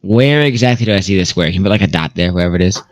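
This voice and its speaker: A man's voice: low voice, animated, racing, no echo. A man playing in a tabletop game, talking casually and swearing freely. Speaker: player.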